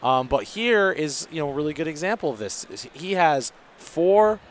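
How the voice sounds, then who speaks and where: A man's voice: a little high, sing-song, moderate pace, a little hiss or hum. A man commentating a tabletop tournament in a casual, joking way, reading rules and explaining them in detail.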